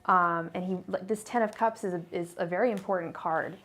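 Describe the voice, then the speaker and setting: A woman's voice: on the low side, steady tone, a little fast, fairly bright tone. A young woman chatting casually on a livestream as a tarot reader, apologetic and rambling with many fillers and restarts.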